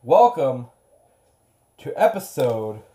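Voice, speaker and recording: A podcast host in their thirties with a gravelly voice, chatting casually and rambling about a TV episode. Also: medium pitch, slow pace. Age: 30s. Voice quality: gravelly, smoker-like. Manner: rambling, animated, swears. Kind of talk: casual chat.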